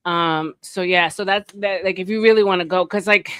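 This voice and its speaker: A woman's voice: lowish voice, fairly even intonation, normal speed, smooth, no echo. A woman hosting a casual livestream, rambling with lots of fillers and laughing often. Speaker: livestream podcast host.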